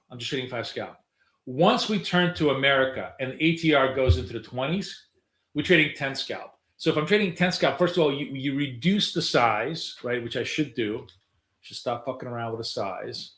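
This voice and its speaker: Sitting at his desk, a middle-aged man walks through his trades on a live stream in an ordinary-pitched, slightly bright voice that rings around a roomy, echoey room. His talk wanders, with casual cursing and trailing fillers.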